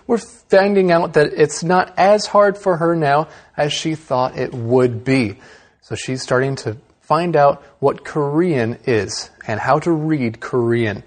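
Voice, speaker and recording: A man's voice: on the high side, slow pace. A man co-hosting an English lesson program, explaining words in an upbeat teacher's manner. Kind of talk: scripted educational chat.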